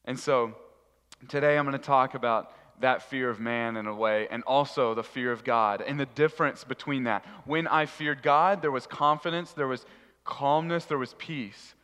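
A man giving a sermon, telling a funny story in an animated, humorous way. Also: medium pitch, normal speed, clean tone. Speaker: youth pastor. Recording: reverberant hall.

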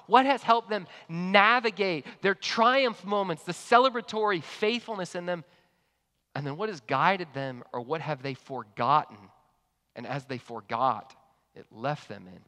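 A fairly high-voiced man preaches a sermon in a big reverberant hall. He tells his story with a bright, forceful tone and moves between loud excited bursts and quiet asides. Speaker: pastor.

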